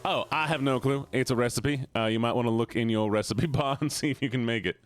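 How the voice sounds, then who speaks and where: A man's voice: medium pitch, fast, faint music behind. A man with a Georgian Southern accent, chatting casually with his chat and a co-player while streaming a game. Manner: laid-back, chatty, laughs often, talks to chat.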